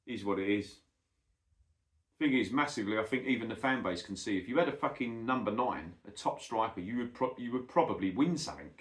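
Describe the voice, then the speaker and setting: A man's voice: lowish voice, animated, a little fast. A middle-aged man, ranting bluntly and swearing a lot in a casual monologue, calling the listener "mate". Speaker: football vlogger. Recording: echoey room.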